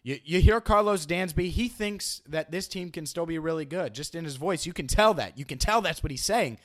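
A man's voice: a little high, animated, normal speed, fairly bright tone. A man hosting a sports podcast, analyzing his team and arguing with imagined critics, often repeating himself as he starts a thought. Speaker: podcast host.

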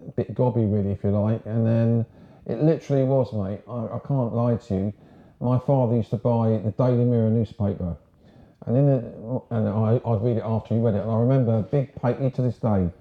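A man in his sixties from Sussex, England, a former marine telling his story in a casual, frank, rambling way. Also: medium pitch. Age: 60s. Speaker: guest, ex-marine. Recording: roomy, dull lo-fi sound.

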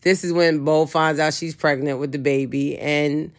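Low-voiced woman, blunt casual monologue. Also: fairly even intonation, normal speed. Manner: blunt, profane, emphatic.

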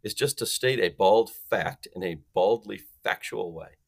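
A man's voice: on the low side, measured pace, gravelly. A man talking as a guest expert on a sales podcast. He explains things emphatically and acts out phone calls in different voices.

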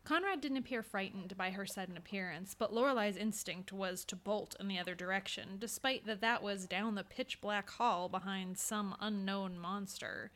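A woman's voice: mid-range voice, moderate pace, few pauses, fairly bright tone. Woman narrating a suspenseful story.

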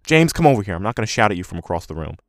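A man's voice: deep voice, very fast, gravelly, fairly bright tone, no echo. A man voicing an older mother in a hospital bed who teases her grown son with dry humor. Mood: coaxing.

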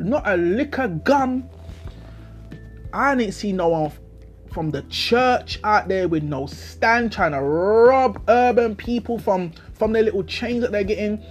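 Young London man, podcast host, slangy and worked-up, voice swinging up and down, faint music underneath. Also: high voice. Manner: animated, indignant, heavy slang, rhetorical questions. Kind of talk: solo storytelling rant.

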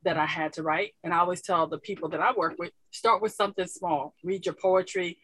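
A woman's voice: fairly low pitch, steady tone, a little fast, fairly bright tone, slightly rough, dry recording, low-quality recording. A woman guest on a podcast giving encouraging advice in a casual chat. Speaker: guest author and coach.

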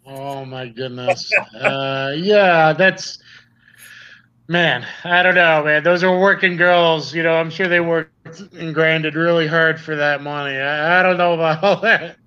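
A man's voice: on the high side, steady tone, measured pace, pushed and bright, clean tone. A man hosting a podcast interview, chatting casually in a wry, joking manner. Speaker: podcast host. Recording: dull lo-fi sound.

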